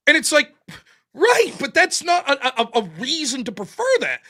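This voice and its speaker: A man hosting a debate show, recapping a heated debate in a casual, profane, animated way and quoting his opponent. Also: very high voice, moderate pace. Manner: animated, profane, quotes opponents in mocking voices.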